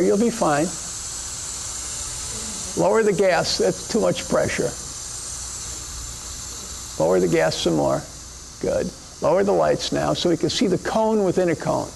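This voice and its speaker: Joking man, gravelly voice, teaching. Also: high-pitched, a little hiss or hum. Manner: joking, gives instructions to helpers. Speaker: chemistry teacher. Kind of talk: live classroom demonstration. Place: classroom or lecture hall.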